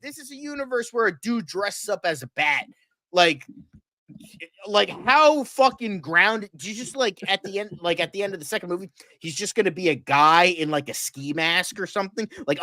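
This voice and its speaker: A man's voice: high voice, lively intonation, moderate pace, pushed and bright, no echo. A young man co-hosting a casual podcast, ranting with heavy profanity and exasperated sarcasm. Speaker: co-host.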